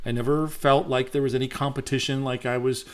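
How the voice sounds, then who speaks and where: A man's voice: medium pitch, steady tone, a little fast. Chatty former radio DJ, a man. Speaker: radio DJ guest. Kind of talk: casual interview chat.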